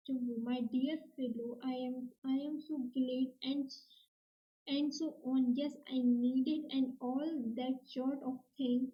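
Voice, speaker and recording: High-voiced woman, slow halting classroom read-aloud, dull lo-fi audio. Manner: halting, word-by-word reading with restarts. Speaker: teacher reading a play aloud. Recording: dull lo-fi recording.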